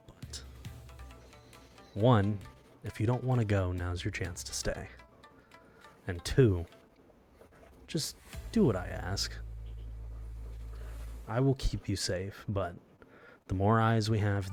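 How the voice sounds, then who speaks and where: A man voicing a male rabbit teacher, a protective mentor who gives firm, reassuring instructions over background music. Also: low-pitched.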